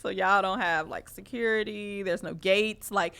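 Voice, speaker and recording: A woman's voice: mid-range voice, fairly even intonation, normal speed, creaky, sharp tone, smooth. Laughing, profane woman radio co-host. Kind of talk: casual chat.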